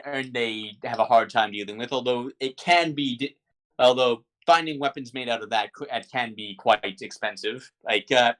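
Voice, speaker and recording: A man running a tabletop game and answering in character, halting often with fillers and restarts. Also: mid-range voice, fairly bright tone. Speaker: game master.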